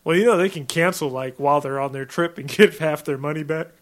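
A man's voice: on the high side, quick pace. A laid-back man co-hosting a casual podcast chat who says "man" a lot and laughs easily. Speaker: podcast co-host.

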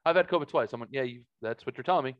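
A man's voice: medium pitch, rapid-fire, no room sound, dull audio. A man telling a story in a casual podcast chat, profane and heated.

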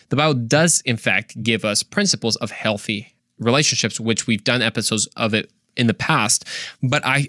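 A man's voice: medium pitch, bright, forceful tone, no echo, clean studio sound. A young adult man hosting a faith podcast, earnest and casual, firing off rhetorical questions and slang. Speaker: podcast host.

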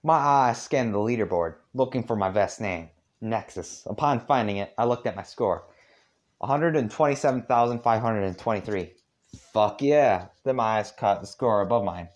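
A man with a fairly low voice reads a story aloud. He stops often to add casual asides and self-commentary, and his delivery is halting and full of fillers. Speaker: amateur voice actor reading a story.

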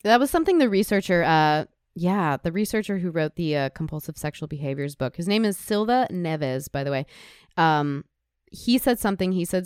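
A woman's voice: lowish voice, expressive, moderate pace, a little mellow, clear, resonant tone, dry recording, studio quality. A woman podcast guest talking candidly and emotionally in casual conversation, at times choked up. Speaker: podcast guest, sex educator.

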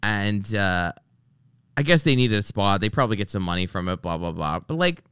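Lively, bright-voiced male podcast host. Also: lowish voice, normal speed, smooth, dry recording, clean studio sound. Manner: animated storytelling, acting out quoted people; swears freely. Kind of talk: casual chat.

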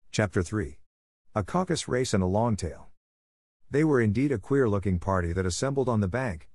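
Low-voiced male storybook narrator. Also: a little mellow, no room sound, studio quality. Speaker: audiobook narrator. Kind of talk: scripted narration.

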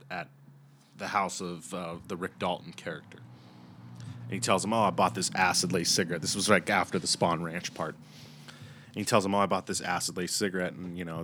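A young man casually retelling a movie plot in a rambling, profane, animated way, acting out the characters' lines. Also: low-pitched, no room sound.

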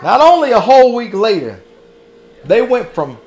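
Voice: mid-range voice, very animated, moderate pace, darkish tone. A pastor preaching a sermon with rhythmic repeated refrains and folksy asides, calling listeners "baby".

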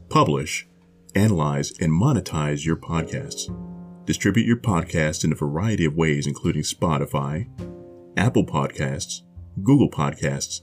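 A man hosting a podcast, reading a short story aloud in a measured, deliberate way from a mobile studio. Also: a bass voice, a little mellow. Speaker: podcast host and reader. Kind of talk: scripted narration of a short story. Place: mobile studio in a converted school bus.

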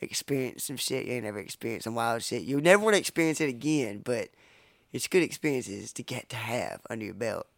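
A man's voice: mid-range voice, animated, brisk, gravelly, no echo. Young male co-host, profane rambling storyteller, dry close sound. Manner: profane, rambling, laughs while telling stories. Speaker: podcast co-host. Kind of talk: casual storytelling chat.

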